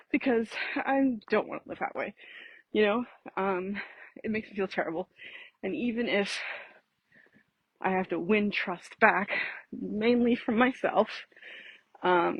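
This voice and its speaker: A woman's voice: mid-range voice, husky, no echo, muffled recording. A woman talking casually while walking up a hill outdoors, out of breath, rambling and laughing often as she thinks aloud. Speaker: vlogger. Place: outdoors on a street.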